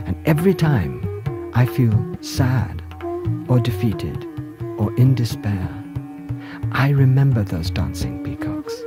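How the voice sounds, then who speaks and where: A man telling stories from his childhood in India in a gentle, lyrical, unhurried way. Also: mid-range voice. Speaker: storyteller. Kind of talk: storytelling narration. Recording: music playing underneath.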